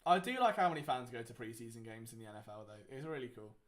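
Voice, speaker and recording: A man's voice: mid-range voice, lively intonation, fast talker, a bit bright. A young man hosting a casual live watchalong, talking in a rambling way with lots of fillers. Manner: chatty, rambling, many fillers. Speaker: watchalong host. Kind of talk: casual live game commentary.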